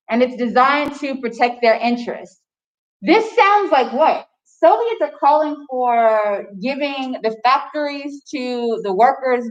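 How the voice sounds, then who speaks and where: A woman's voice: a little high, muffled recording. A young woman teacher giving a chatty history lecture to her class, joking with students. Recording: echoey classroom, distant mic.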